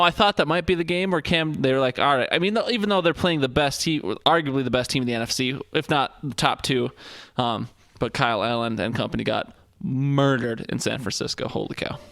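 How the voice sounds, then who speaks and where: A man's voice: medium pitch, vocal fry, a bit bright, dry recording. A man co-hosting a casual sports podcast, rambling through game recaps with lots of fillers and the odd joke. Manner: rambling, filler-heavy, joking. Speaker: podcast co-host.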